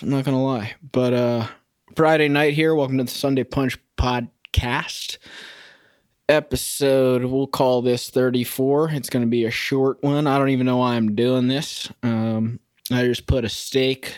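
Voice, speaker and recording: A young man talks through a casual solo podcast from his home kitchen, rambling and amused with himself. His voice sits at an ordinary middle pitch and sounds dry and close, with no room around it. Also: smooth, no room sound. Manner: rambling and self-amused, sings snatches of a song. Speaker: podcast host.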